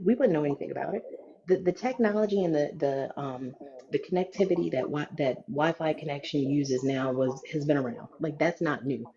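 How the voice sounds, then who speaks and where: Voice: mid-range voice, dark tone, muffled recording. A participant in a group discussion, arguing a point firmly and building it with analogies.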